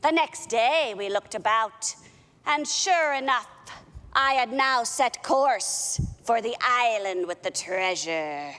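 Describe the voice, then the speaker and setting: A woman's voice: a little high, lively intonation, takes it slowly, a bit bright, smooth, big-room sound. Playful woman telling a pirate tale. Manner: playful pirate talk, with an occasional "arr" and "me ship". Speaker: library storyteller. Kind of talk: pirate story told to children.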